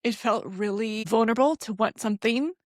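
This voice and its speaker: Woman in her forties, podcast co-host, lively storyteller, laughs a lot, acts out dialogue, dry close mic. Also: fairly high pitch, brisk, no echo. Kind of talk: casual chat.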